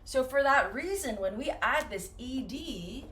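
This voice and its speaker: A woman teaching an English pronunciation lesson, speaking slowly and modeling example words carefully. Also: sits high, expressive, fairly bright tone, slight background noise. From United States.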